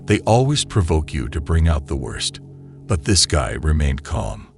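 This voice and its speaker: A man's voice: rumbling low, sing-song, measured pace, soft background music. A man narrating in a dramatic, teasing scripted commentary.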